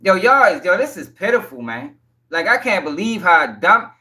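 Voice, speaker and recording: Blunt, exasperated man with a bright voice. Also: high-pitched, big pitch swings, moderate pace. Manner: blunt, exasperated, heavy slang and cursing, repeats himself; talks to chat viewers directly. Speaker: livestream news commentator. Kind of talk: casual profane commentary reading court papers.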